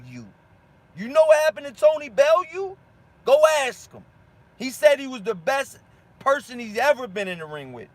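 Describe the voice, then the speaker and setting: A man's voice: very high voice, fairly bright tone. A male boxing channel host ranting at viewer comments, fired-up and slangy, repeating himself for emphasis. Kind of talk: heated rant answering viewer comments.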